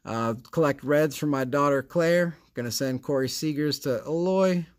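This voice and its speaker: A man's voice: fairly high pitch, moderate pace. A man hosting a casual card-opening vlog, chatty and rambling, with a sarcastic streak. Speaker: card collecting channel host.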